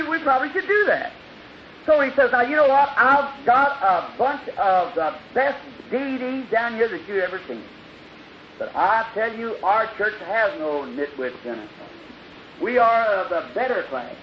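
High-voiced preacher on a hissy old recording. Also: male voice. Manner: storytelling, acting out dialogue with sudden loud bursts and soft drops. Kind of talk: old-time revival sermon. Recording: dull lo-fi archival recording with hiss.

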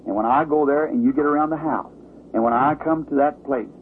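Preacher telling a story on a tinny old recording. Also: male voice, fairly quick, a little hiss or hum. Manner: storytelling, rising pitch at dramatic moments. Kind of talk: sermon testimony.

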